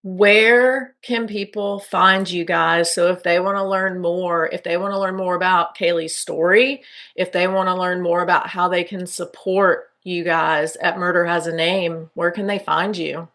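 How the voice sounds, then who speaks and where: A woman's voice: fairly low pitch, steady tone, a little slow, fairly bright tone. A woman hosting an interview podcast, mostly giving short affirming responses before she asks her guest a question. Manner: brief backchannel responses, then an inviting question. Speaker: podcast host. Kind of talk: interview host.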